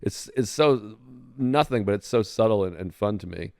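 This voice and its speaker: A man's voice: fairly low pitch, expressive, moderate pace, a little mellow. Man quoting movie lines eagerly. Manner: enthusiastic, quotes lines in character. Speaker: guest comedian. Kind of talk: casual podcast chat.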